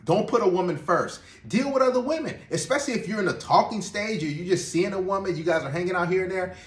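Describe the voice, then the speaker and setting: A man's voice: high voice, quick pace. Direct man giving advice in echoey room. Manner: instructive, direct. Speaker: host giving dating advice. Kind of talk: podcast commentary.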